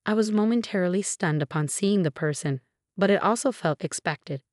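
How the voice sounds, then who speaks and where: A woman giving scripted narration of a personal story in an even, steady manner. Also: on the low side, normal speed, dry recording, studio quality.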